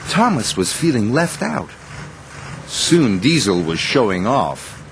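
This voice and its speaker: A man narrating a children's storybook in an expressive, sing-song way. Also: medium pitch, slow, slight background noise. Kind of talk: storybook reading.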